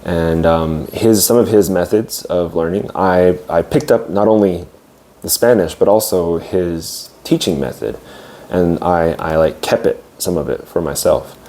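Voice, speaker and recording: A young adult man, an English teacher, telling his own story in a casual, reflective way, often pausing with fillers and restarting sentences. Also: sits low, warm tone. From United States.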